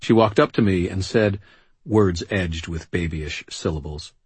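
A man's voice: deep voice, unhurried, darkish tone, husky, no echo. A man giving dry, wry first-person narration for an audiobook.

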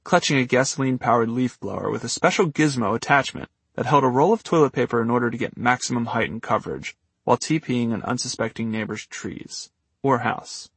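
A man reading his memoir aloud with a wry, dry humor. His voice has a husky grain, and the booth recording sounds close and dead, with no room around it. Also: medium pitch, a little fast, fairly bright tone, no room sound. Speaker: memoir narrator. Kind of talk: audiobook memoir narration.

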